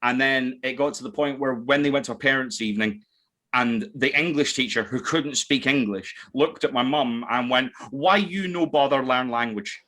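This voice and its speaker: Bright-voiced Scottish man podcasting. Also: mid-range voice. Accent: Scottish, mixed from living in many places. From Scotland. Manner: swearing, joking, quick banter with restarts. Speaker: podcast host. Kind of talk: casual podcast chat. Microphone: desk mic.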